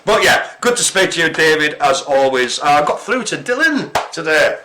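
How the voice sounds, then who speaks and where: A man's voice: fairly high pitch, sing-song, normal speed, sharp tone. A man co-hosting a live broadcast, telling jokey stories in casual chat with plenty of fillers. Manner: chatty, jokey storytelling with fillers. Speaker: co-host of a live care-centre broadcast.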